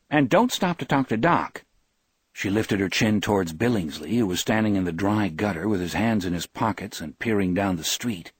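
Husky low-voiced male audiobook narrator. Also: no room sound. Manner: measured, expressive reading. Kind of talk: scripted narration.

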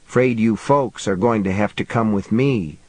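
A man voicing a stern, menacing big male cop in an audiobook, giving quiet, cold, curt orders. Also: lowish voice, measured pace, dry recording. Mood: cold command. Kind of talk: audiobook character voice.

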